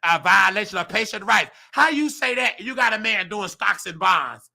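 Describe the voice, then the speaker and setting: A man ranting on his own vlog, heated and preachy, full of slang. His voice sits high and is very sharp and piercing, with a gravelly edge. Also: lively intonation, moderate pace. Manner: mimics other people's voices in quotes. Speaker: host; nursing assistant.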